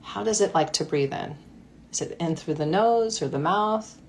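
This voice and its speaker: A woman coach guiding a breathwork practice in a gentle, playful way. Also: fairly low pitch, animated, normal speed, slight background noise. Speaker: mindfulness coach. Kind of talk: guided breathwork instruction.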